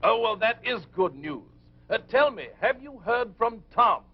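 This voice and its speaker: A chirpy posh English gent. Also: male voice, very high-pitched, big pitch swings, a little slow, breathy edge, exaggerated voice. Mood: chipper. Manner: clipped, chirpy. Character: upper-class English male theatre agent, chipper. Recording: dull old film soundtrack.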